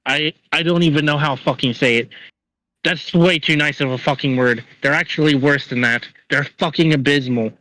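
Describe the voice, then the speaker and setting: Guy ranting and swearing nonstop on a stream, bright edgy voice, dry close mic. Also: a little high, dry recording, low-quality recording. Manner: angry, profane, rapid ranting. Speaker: co-host. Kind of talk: profane political rant.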